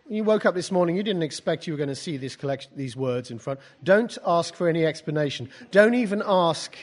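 A man leading a poetry class talks in halting bursts, often restarting and repeating words, and drops dry, wry asides. He moves between loose teaching talk and reading aloud from his own book. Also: a little high, expressive.

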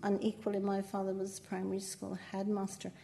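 Fairly quick and monotone, this older woman's medium-pitched voice sounds creaky yet warm, with a Northern Irish accent. As a poet guest in a conversational interview, she chats, laughs a lot and pokes fun at herself.

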